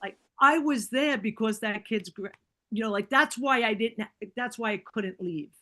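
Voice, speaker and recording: A woman's voice: fairly high pitch, moderate pace. A woman guest on a podcast telling personal stories in a casual way, acting out what people said and leaning on "like" and "right?". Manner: animated, acts out quoted dialogue; fillers like "like" and "right?".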